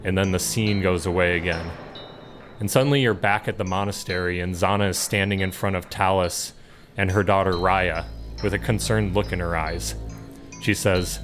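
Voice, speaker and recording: A man narrating a tabletop game as game master, calm and descriptive. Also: deep voice, normal speed, soft background music.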